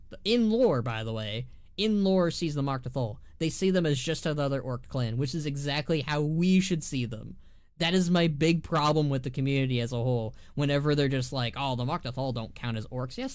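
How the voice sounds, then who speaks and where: A man chats on a live stream as a VTuber, animated and opinionated as he talks over his game. His voice sits fairly high, and he often trips over his words and repeats them. He is recorded close on the mic with a dry, deadened sound. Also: no room sound. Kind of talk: casual live-stream chat while playing.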